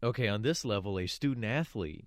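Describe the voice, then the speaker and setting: A man's voice: on the low side, a little fast, dry recording, clean studio sound. A man co-hosting a radio talk show, chatting casually and agreeing often before making his own points. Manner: steady, agreeable, backchannels often.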